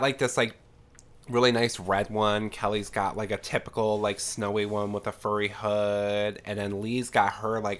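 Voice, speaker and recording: A young male podcast host with a fairly low, fairly bright voice recaps a horror film casually. He's chatty and sarcastic, leans heavily on "like," and sounds congested from a sinus infection.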